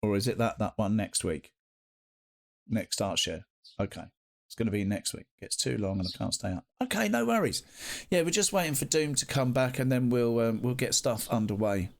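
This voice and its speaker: A man chatting casually with viewers on a live stream, playful and animated, breaking into sing-song greetings. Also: on the low side, moderate pace.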